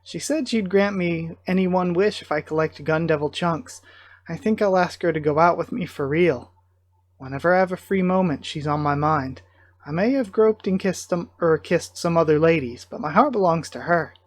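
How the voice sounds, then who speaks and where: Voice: mid-range voice, normal speed, lightly acted. A reader voicing a brash, lovestruck teenage boy from a comic in a plain, casual reading voice. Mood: smitten.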